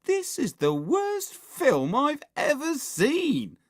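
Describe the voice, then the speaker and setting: A woman voicing a bratty, scornful young schoolboy in a storybook reading, with a high, whining, sneering voice. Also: wildly swooping pitch, slow, no room sound, clean studio sound, exaggerated voice. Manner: complaining, sneering.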